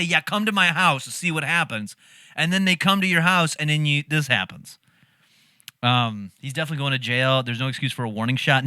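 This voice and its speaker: A man commenting on a clip in a loose, animated way, his voice high and bright with lively swings in pitch. He laughs often and swears freely. The sound is close and dry. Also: dry recording. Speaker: reaction video host. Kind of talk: casual reaction commentary.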